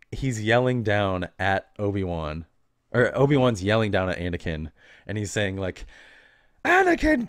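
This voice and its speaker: A man with a fairly low voice hosts a podcast, telling loose, meandering stories in casual slang and often laughing at himself. The sound is clean studio quality with no room sound.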